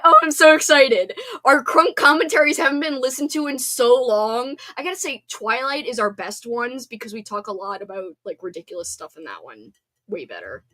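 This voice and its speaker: A woman's voice: on the high side, expressive, normal speed, pushed and bright. A woman in her thirties hosting a casual livestream, chatting in a bubbly, talkative way with lots of fillers. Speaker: livestream host reading chat. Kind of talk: casual chat.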